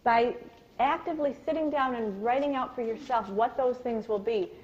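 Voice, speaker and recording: A woman leads a live parenting workshop with an animated storytelling manner and questions for the room. Her voice sits fairly high. It comes through on a dull, lo-fi recording. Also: normal speed. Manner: acts out yelled lines in a high, loud voice. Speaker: parenting and communication speaker. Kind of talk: live workshop talk with personal stories.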